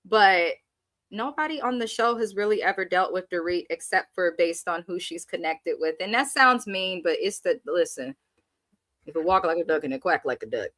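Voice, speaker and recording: A woman's voice: lowish voice, a bit bright, no room sound. A woman co-hosting a casual reality TV recap, blunt and sassy, reading viewer comments aloud. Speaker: show co-host.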